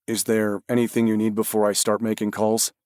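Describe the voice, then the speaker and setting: A male narrator voicing a dog handler in search and rescue, who speaks calmly, firmly and to the point. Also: lowish voice, fairly quick, dry recording, studio quality, natural voice. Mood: steady.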